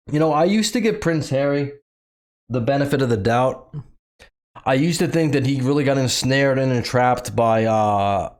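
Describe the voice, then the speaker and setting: A man from the United States, with a voice of ordinary pitch, gives opinionated commentary on a news story. He reads excerpts aloud and breaks off to mock them with sarcastic remarks. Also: darkish tone. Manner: sarcastic, mocking, laughs at the story. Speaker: commentary channel host.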